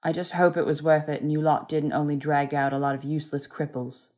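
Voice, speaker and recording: A cold, bitter young man, read by a woman in an audiobook, his words clipped and bland. Her voice stays low and unhurried. He sounds drained and resentful. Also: level tone, darkish tone, lightly acted.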